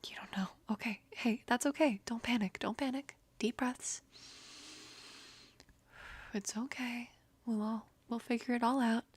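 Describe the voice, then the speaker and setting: Breathy young woman, whispered role-play. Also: a little high, fairly even intonation, unhurried, long pauses, no echo. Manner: soothing, gentle, reassuring. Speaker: caring best friend in audio role-play.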